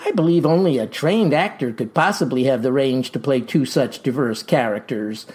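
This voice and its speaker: An actor playing a folksy farmer pitching a tonic in a comic ad, with verbose, showman's patter. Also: normal speed, a little mellow, lightly acted. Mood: boastful pitch. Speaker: pitchman in a mock radio ad. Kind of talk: comic radio ad acting.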